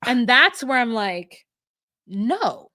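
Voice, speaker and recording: A woman co-hosting a podcast, retelling a reality show in casual, animated chat full of "like". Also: medium pitch, normal speed, no room sound, clean studio sound. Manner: animated storyteller, frequent "like". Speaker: podcast co-host.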